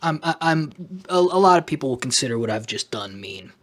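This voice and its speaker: A man's voice: medium pitch, lively intonation, brisk. A man making an off-the-cuff vlog, talking sarcastically and rambling, with self-conscious asides. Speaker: YouTuber.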